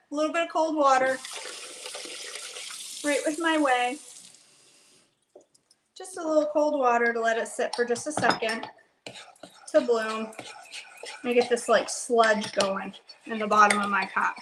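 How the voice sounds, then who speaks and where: A chatty woman hosts a live cooking show from her home kitchen, talking herself through each step and calling her viewers "girl." Her voice sits a bit high, and the room around her rings with echo and a faint hiss. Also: steady tone, a little slow, long pauses. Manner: chatty, talks to herself and viewers while working; folksy slang, calls viewers girl.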